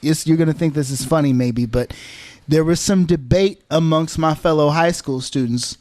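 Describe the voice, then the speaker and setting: Eager man, higher voice, stumbling starts. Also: moderate pace, darkish tone, dry recording. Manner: eager, stumbling over his words. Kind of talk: casual podcast chat.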